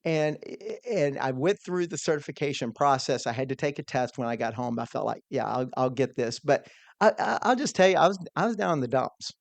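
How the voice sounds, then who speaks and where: Man, gravelly voice, mid pitch, earnest storytelling, dry close sound. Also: a little fast, dry recording. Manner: earnest, animated storytelling with quoted inner thoughts. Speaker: podcast guest. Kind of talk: storytelling in a conversation.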